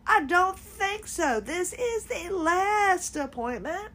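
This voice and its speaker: High-voiced woman venting sarcastically. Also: animated, takes it slowly, few pauses, a bit bright. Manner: exasperated, sarcastic storytelling with laughs. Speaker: podcast host. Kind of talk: casual personal venting monologue.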